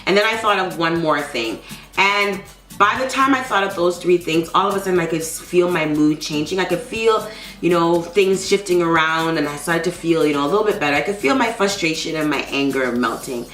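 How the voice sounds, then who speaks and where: A woman vlogging to her channel, telling the story of her day in a lively, animated way, with sarcastic asides and a pep talk to herself. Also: lowish voice, brisk. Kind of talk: casual vlog monologue. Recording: roomy echo with faint background music.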